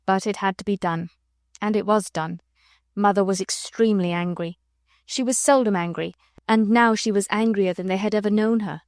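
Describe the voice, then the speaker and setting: Lady reading a kids' classic out loud, gentle storybook tone, dead dry sound. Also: mid-range voice, steady tone, moderate pace, dry recording. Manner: gentle storytelling, voicing children and adults lightly. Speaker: audiobook narrator. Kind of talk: scripted narration.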